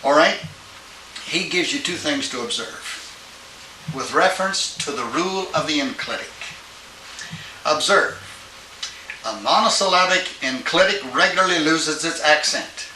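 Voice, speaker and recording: A man's voice: a little high, animated, a little slow, long pauses, sharp tone. An older man teaching Greek grammar in a classroom lecture, patiently checking in with his students as he goes. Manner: patient, checks in with "all right?". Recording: old tape, roomy and distant with hiss.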